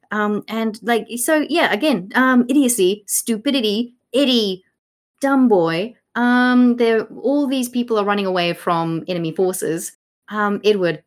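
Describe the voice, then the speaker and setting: This woman co-hosts a podcast, chatting loosely about a play with plenty of fillers and playful character voices. Her pitch is medium and her pace measured.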